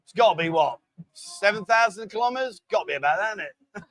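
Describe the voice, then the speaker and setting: Fast-talking and animated, this host has a high, fairly bright voice, heard on a rough recording. He runs a laid-back live show in a bar, cracking jokes, ordering people about, and coaxing guests into quizzes and drinking games while calling them darling.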